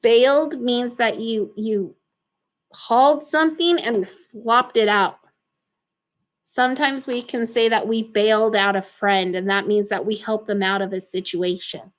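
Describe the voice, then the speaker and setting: A high-voiced woman reads a picture book to children, pausing to ask questions and explain words. She is animated and giggly, yet keeps an unhurried pace. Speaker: teacher reading to children. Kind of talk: storybook read-aloud with commentary.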